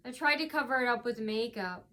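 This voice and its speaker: High bright-voiced woman rambling to camera. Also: animated, a little fast. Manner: rambling, many fillers and restarts, mimics shouts. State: tearful, face swollen from crying. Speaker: vlogger. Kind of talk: casual rambling storytelling to camera.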